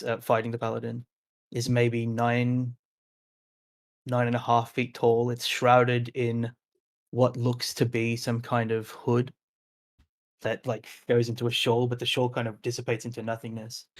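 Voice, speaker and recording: Male game master, flat even delivery, filler-heavy descriptive narration. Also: mid-range voice, a little slow, long pauses. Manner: descriptive, hesitant, with frequent fillers.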